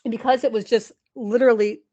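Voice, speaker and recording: A woman in her forties, a podcast guest, telling a personal story in an animated, emotional way, with lots of "like" and some laughter. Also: on the high side, fast, highs cut off. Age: 40s. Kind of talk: candid interview storytelling.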